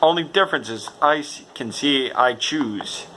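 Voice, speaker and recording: Man doing a ruthless outlaw boss, bright voice, deliberate menacing reads. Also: mid-range voice, animated, slight background noise, poor audio.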